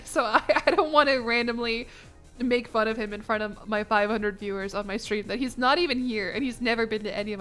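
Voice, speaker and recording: With a slightly high, fairly bright voice, a young woman from the United States jokes and laughs her way through casual commentary while live-streaming a game, often poking fun at herself.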